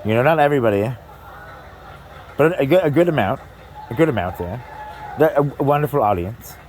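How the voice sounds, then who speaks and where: A man's voice: medium pitch, lively intonation, a little fast, a little mellow, a little hiss or hum, low-quality recording. A man doing a stand-up comedy set in a club, rambling, breaking off mid-sentence and laughing at his own jokes.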